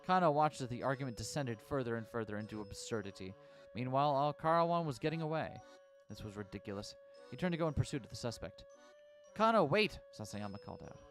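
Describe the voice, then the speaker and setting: A man's voice: mid-range voice, lively intonation, fast, soft background music. A male streamer reading a visual novel aloud, narrating expressively with amused asides.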